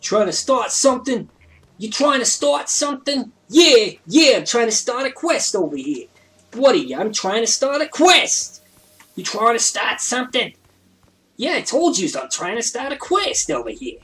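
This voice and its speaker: A man putting on a clumsy New York accent to voice a tough East Coast man picking a fight, loud and confrontational. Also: very high-pitched, big pitch swings, normal speed, voice pushed up, heavily acted. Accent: attempted New York accent.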